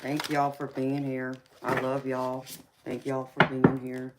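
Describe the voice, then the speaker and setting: A woman with a Southern drawl hosts a laid-back live tarot stream and greets viewers as she pulls cards. Her voice sits very low, and she speaks slowly and easily. Loud background noise runs under everything. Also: monotone. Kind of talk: casual live-stream chat and card reading.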